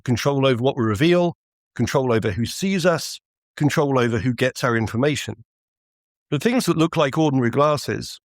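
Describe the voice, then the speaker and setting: A man's voice: medium pitch, no echo. A man co-hosting a privacy podcast, talking in casual chat with a dry, wry humor. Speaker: podcast co-host.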